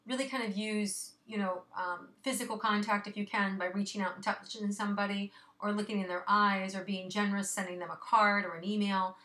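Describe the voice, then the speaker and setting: Woman host with a bright, clear voice, casual and encouraging, a little out of breath, speaking to viewers directly. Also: mid-range voice, steady tone, fairly quick, hardly any pauses. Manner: chatty, reassuring, many fillers. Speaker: astrology forecaster. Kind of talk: casual monthly astrology forecast.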